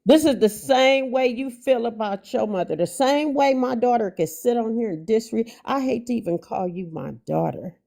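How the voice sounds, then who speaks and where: Black woman, angry and blunt on a live, raspy low-grit voice. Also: moderate pace, hardly any pauses, dark tone. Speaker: guest mother on a livestream. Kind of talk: heated livestream talk.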